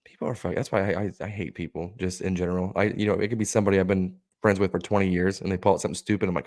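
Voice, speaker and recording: A man co-hosting a casual podcast, talking quickly in a lowish voice. He swears freely and jumps into quoted voices as he tells his stories. The sound is close and dry. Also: dry recording. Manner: profane, animated storytelling with put-on quoted voices. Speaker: podcast co-host.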